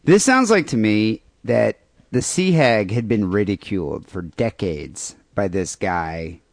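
Lively low-voiced joking man. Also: creaky, no echo, studio quality. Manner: wry and joking, quick reactions. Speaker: podcast co-host. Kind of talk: casual chat.

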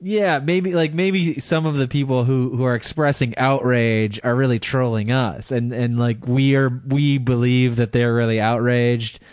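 Male podcast co-host, deadpan and dry-witted, recorded dry. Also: medium pitch, measured pace, hardly any pauses, dry recording. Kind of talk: casual chat.

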